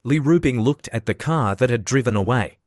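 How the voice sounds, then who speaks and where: A man giving a steady scripted narration of a manga recap. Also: medium pitch, a little fast, dry recording, clean studio sound.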